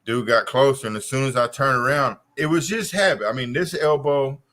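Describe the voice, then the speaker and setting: A man's voice: medium pitch, a little fast, fairly bright tone. A man telling a long profane story on a casual podcast, with a loose, drawling delivery. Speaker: co-host.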